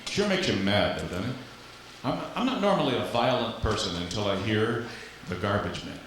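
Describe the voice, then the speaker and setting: A man from Louisiana doing live stand-up comedy on a club stage, with a punchy, animated delivery and vocal sound effects. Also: on the low side, moderate pace, a little hiss or hum. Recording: echoey live club recording. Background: audience laughter.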